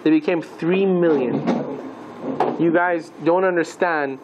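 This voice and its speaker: A man teaching a class as a rabbi, lively and playful, asking the listeners questions and mixing Hebrew terms into his lesson. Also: fairly high pitch, slow pace, background noise.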